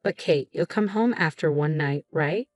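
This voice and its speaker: A woman voicing an evasive, lying adult husband in a narrated story, with a smooth and falsely cheerful manner. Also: deep voice, normal speed, darkish tone, dry recording, clean studio sound, soft background music, close to an everyday voice.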